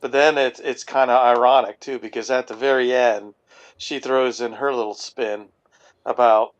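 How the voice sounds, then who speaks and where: A man of average pitch shares his take in a casual chat. He hesitates and restarts his sentences often. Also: fairly even intonation, normal speed, lo-fi sound.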